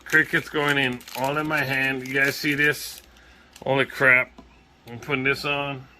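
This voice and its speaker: A man from Hawaii with a Hawaiian accent, vlogging casually in a jokey, excitable way, swearing and laughing as he talks. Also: medium pitch, unhurried, a little hiss or hum. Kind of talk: casual vlog.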